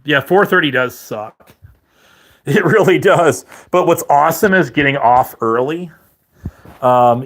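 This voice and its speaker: A man chatting with viewers on a live stream, rambling and self-mocking with halting restarts and frequent laughs, his mouth dry and his voice turning crackly. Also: mid-range voice, fairly bright tone.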